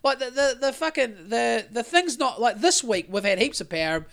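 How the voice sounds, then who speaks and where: A man's voice: very high voice, lively intonation, normal speed, gravelly, a bit bright. An Australian man co-hosting a podcast, telling a long story in a rambling, sweary way with lots of restarts. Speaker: podcast co-host. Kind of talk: casual chat.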